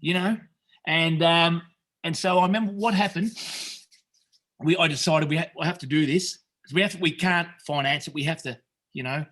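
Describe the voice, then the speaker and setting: On a podcast, a middle-aged Australian man who founded a retreat shares an emotional personal story. He rambles with plenty of restarts, swears often and throws in mate, all sincerely. His voice is on the high side and a bit bright, at a moderate pace.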